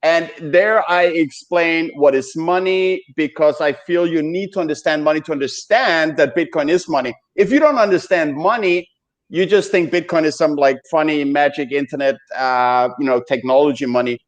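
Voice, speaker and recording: A middle-aged Danish-accented man hosts a relaxed podcast, stopping often on fillers and restarting his sentences. His voice sits a little high for a man. He holds the chat together in an easy, casual way. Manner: halting, with many fillers and restarts. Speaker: podcast host.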